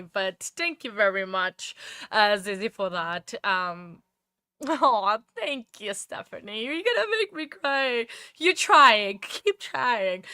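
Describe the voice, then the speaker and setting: Woman livestream host, bright higher voice, unhurried, gushing and easily distracted, dry close sound. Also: clean tone, no room sound. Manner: effusive, often laughing, easily distracted. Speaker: true crime livestream host. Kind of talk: casual livestream chat with viewers.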